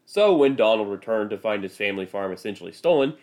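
A man with a Midwestern American accent tells history as a podcast host, reading his script casually and poking fun at himself. His voice sits a bit low. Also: lively intonation, fast, a little mellow. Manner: casual, self-deprecating storytelling.

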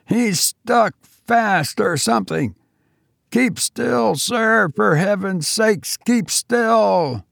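A man voicing a frantic young male worker hauling a rope, shouting desperately. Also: high-pitched, animated, drawn-out words, creaky, no echo, clean studio sound, voice pushed up, exaggerated voice.

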